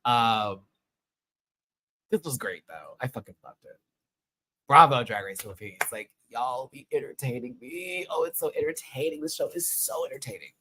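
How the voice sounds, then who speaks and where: A man's voice: mid-range voice, normal speed, a little hiss or hum, rough recording. Chatty swearing man reviewing live. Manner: chatty, swears often, excitable. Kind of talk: casual live stream review.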